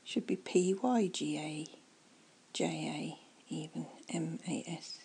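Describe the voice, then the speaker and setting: A woman doing a whispered ASMR chat, soft and rambling as she muses aloud. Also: sits low, slow pace, creaky, husky, low-quality recording.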